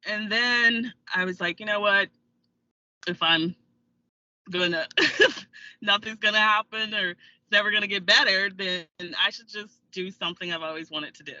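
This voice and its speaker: A woman's voice: medium pitch, steady tone, moderate pace, long pauses, sharp tone, lo-fi sound. An American woman, an actor and filmmaker, telling stories as an interview guest and laughing often. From United States. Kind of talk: casual interview storytelling.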